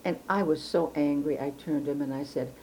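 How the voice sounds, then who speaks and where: A woman's voice: low-pitched, brisk, mellow, slight background noise, low-quality recording. An older woman from Chicago recalling her life in an oral history interview, speaking in a reflective, precise way with frequent restarts. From Chicago, United States.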